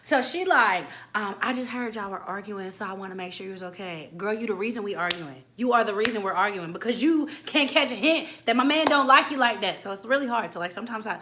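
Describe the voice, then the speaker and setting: A young woman in her twenties telling a casual, animated storytime, acting out quotes with slang. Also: mid-range voice, fast talker, hardly any pauses, noisy background. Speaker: storytime vlogger.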